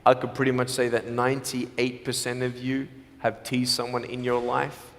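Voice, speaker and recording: Animated male motivational speaker, reverberant hall. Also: medium pitch, moderate pace. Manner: animated storytelling, acting out the people in his story; playful jokes mixed with earnest appeals. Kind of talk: motivational speech to a live audience.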